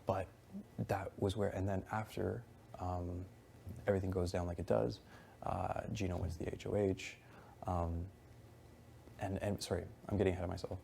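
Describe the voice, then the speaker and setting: A man's voice: deep voice, flat delivery, normal speed, creaky, long pauses, warm tone, slight background noise. A young man in casual conversation, retelling events in a rambling, heated way, quoting others and swearing often. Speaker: reality show houseguest.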